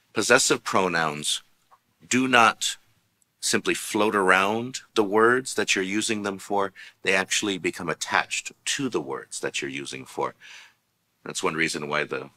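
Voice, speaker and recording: A man's voice: extremely low pitch, pushed and bright. A man presenting a recorded language lesson, patiently explaining grammar and pronunciation with spoken examples. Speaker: language teacher.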